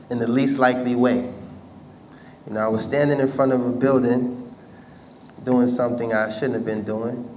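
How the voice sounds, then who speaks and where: A man recounts his past to an audience in a relaxed, conversational way, using street slang and repeating himself for emphasis. His voice sits at a middle pitch. It is picked up from some distance, with faint noise underneath. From United States. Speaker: former rapper telling his life story. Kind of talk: storytelling talk to an audience.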